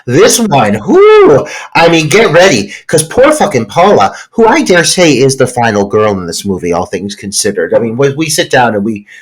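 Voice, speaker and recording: A man with a mid-range voice comments on a film with strong emphasis and a lot of swearing. His pitch rises and falls widely as he reacts. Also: very animated, moderate pace, hardly any pauses, husky, low-quality recording. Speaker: podcast co-host. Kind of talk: casual film review chat.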